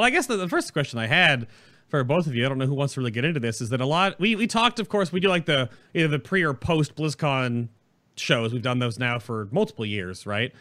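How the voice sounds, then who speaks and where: Lively, bright-voiced male podcast host. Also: mid-range voice. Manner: chatty, rambling with restarts and laughs. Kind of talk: casual chat. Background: background music.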